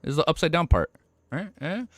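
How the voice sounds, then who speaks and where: A young man streaming live, reacting excitedly with lots of swearing and laughing at himself. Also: on the high side, brisk, no room sound. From United States.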